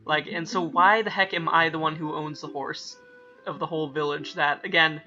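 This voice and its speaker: A man's voice: a little high, fairly even intonation, normal speed, bright, forceful tone. A young man rambling casually over gameplay, often correcting himself mid-sentence. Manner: rambling, self-correcting, reads game dialogue aloud in playful voices. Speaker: let's-play gamer. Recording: dull lo-fi mic with faint game music.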